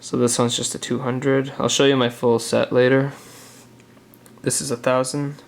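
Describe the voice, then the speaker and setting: A young man talking casually through his banknote collection for a vlog, relaxed and halting, pausing with "uh" as he reads dates off the notes. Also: mid-range voice, creaky. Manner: relaxed, halting, many "uh" pauses while reading notes. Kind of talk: casual show-and-tell vlog.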